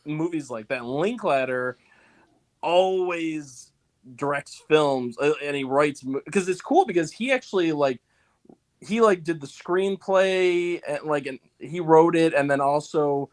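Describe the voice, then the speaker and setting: A man's voice: a little high, a little slow, dry recording. A man chatting casually about movies, enthusiastic and rambling with many restarts. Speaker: guest. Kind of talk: casual chat.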